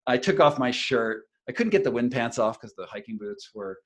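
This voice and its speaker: Rambling, animated male storyteller. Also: mid-range voice, normal speed. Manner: rambling, many fillers and restarts, animated retelling. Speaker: investigative journalist and author, interview guest. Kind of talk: casual storytelling in conversation.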